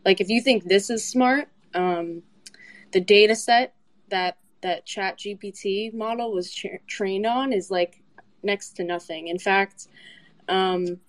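A woman's voice: medium pitch, takes it slowly, dry recording. A woman speaking as a guest in a casual chat, hesitant and full of fillers. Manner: hesitant, many fillers and restarts.

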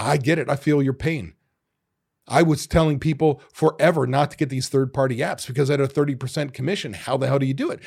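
A middle-aged man hosts a solo podcast in a lively, swinging voice with a gravelly edge. His tone is husky as he retells other people's gripes with exasperated energy and the odd curse word. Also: on the high side. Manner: animated, exasperated retelling of owners' complaints with mild swearing. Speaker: podcast host.

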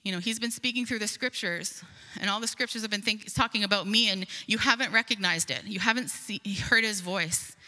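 A woman's voice: medium pitch, a little fast, few pauses, bright, forceful tone. A woman preaching a sermon, earnest and emphatic, reading scripture aloud and explaining it. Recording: long hall reverb.

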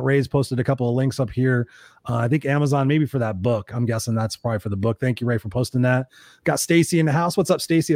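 A middle-aged man hosting a show, telling stories in casual chat, animated and swearing freely as he acts out quotes. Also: mid-range voice, no room sound, clean studio sound. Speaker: podcast host.

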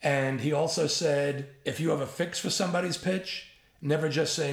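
A man in his seventies who writes comedy relates casual anecdotes in a creaky, fairly high voice at a moderate pace. He's a lively storyteller who impersonates others and swears openly, heard in a reverberant room.

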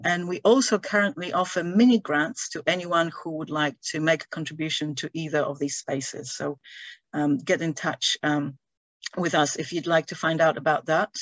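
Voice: medium pitch, fairly even intonation, moderate pace, a bit bright, no room sound. Hesitant host with a dry sound. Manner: hesitant, many ums. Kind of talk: event introduction on a video call. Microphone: video call.

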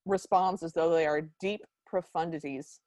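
A woman's voice: sits low, steady tone, normal speed, a little mellow, no room sound. A woman co-hosting a podcast, recapping a film in casual chat with sarcastic, exasperated ranting. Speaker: podcast co-host.

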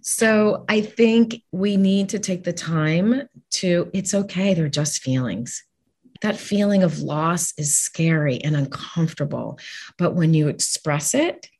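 A woman with a slightly low, breathy-husky voice talks openly in a podcast conversation. She is frank and warm. She laughs easily and jokes darkly. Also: a little slow. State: widowed. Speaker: guest. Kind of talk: candid conversation about grief.

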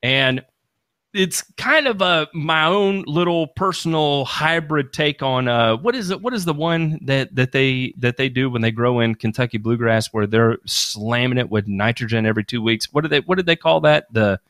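A man at mid pitch talks through his ideas in a loose, rambling way, circling back and restarting his sentences as he goes. He sounds like a podcast host in casual expert chat. The sound is close and dry. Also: moderate pace, a bit bright, dry recording. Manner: rambling, restarts a lot, hands-on explainer.

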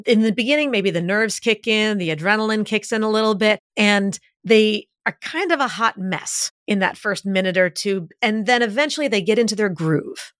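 An energetic woman guest on a podcast interview, explaining her points with vivid acted-out examples. Her voice sits at a middle pitch. It is recorded dry and close, with no room sound. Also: normal speed, hardly any pauses, dry recording. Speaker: guest expert on leadership communication.

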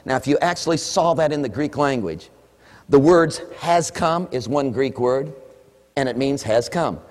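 A man preaching a sermon, swinging between hushed asides and shouted emphasis. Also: medium pitch, lively intonation, normal speed, long reverb tail.

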